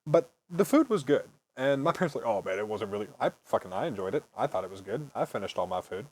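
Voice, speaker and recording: Speaking fast and very animatedly at a medium pitch, this early-twenties podcast host spins rambling stories full of swearing and frequent laughter in a casual storytelling chat.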